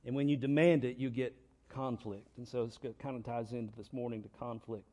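A man's voice: medium pitch, steady tone, brisk, dark tone. A man preaching a sermon, repeating key lines and asking rhetorical questions. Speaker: pastor. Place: church.

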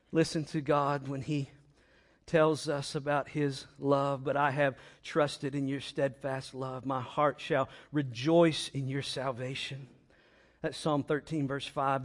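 A man preaching a sermon, with dramatic pauses and repetition, building from quiet to loud, impassioned passages. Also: on the high side. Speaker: pastor.

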